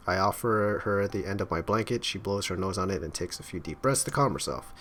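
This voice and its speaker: A man's voice: sits low, a little fast, few pauses, a bit bright, slight background noise. A man hosting a game playthrough, reading the dialogue aloud dramatically and breaking off for wry comments. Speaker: let's play host.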